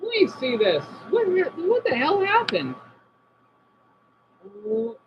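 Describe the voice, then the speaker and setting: An American man streaming live, chatting loosely with his viewers. His pitch jumps around a lot as he rambles from one thought to the next. The sound is dull and lo-fi, with a faint hum underneath. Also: wildly swooping pitch, slow pace. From United States. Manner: scattered, rambling, reacts to chat aloud. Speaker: livestreamer. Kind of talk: casual live stream chat.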